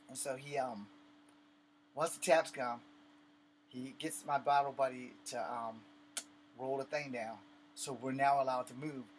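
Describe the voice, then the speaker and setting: A man's voice: medium pitch, a little hiss or hum. A man ranting and telling a story to camera in blunt, profane, conversational talk. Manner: conversational, acts out the scene. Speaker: vlogger. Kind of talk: casual rant and storytelling to camera.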